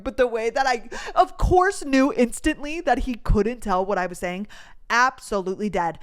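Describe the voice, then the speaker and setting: A young woman from North Dakota hosting a casual solo podcast, telling stories with animated energy, acting out dialogue and swearing freely. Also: a little high, moderate pace. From North Dakota, USA. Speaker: podcast host.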